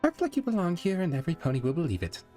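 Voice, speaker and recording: A man's voice: a little high, wildly swooping pitch, racing, a little mellow, soft background music, voice pushed up. A man voicing a refined female fashion-designer pony, affected and fond of saying darling. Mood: prim. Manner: uppity, affected, calls everyone darling.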